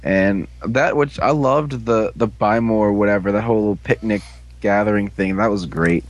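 A man in a casual chat, rambling and halting, restarting his sentences and laughing often. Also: lowish voice, no room sound, dull audio. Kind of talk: casual chat about a TV show.

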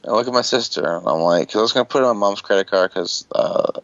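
Host, guy with a gravelly lowish voice, rambling storyteller, swears, muffled lo-fi call audio. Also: fast talker, a bit bright, no room sound. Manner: rambling, swears casually, acts out quotes. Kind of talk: casual storytelling on an online call.

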